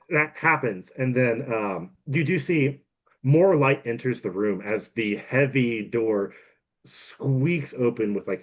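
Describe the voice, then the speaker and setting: A man narrating as game master of a tabletop game, halting with many fillers. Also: mid-range voice, dull audio.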